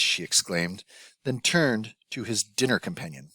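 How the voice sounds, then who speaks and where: A man reading a novel aloud as an audiobook narrator, in a measured, even scripted narration. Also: on the low side, husky, no room sound.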